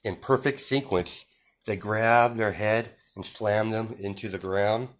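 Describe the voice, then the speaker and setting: A man's voice: fairly low pitch, fairly even intonation, unhurried. A man narrating an improvised fan story, rambling with many fillers and self-corrections.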